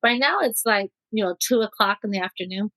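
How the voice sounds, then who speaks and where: A woman's voice: mid-range voice, brisk, bright, forceful tone, no room sound, rough recording. A middle-aged woman from Mexico, a guest telling her own story in an interview, vivid and acting out what people said. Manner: vivid storyteller who acts out quotes.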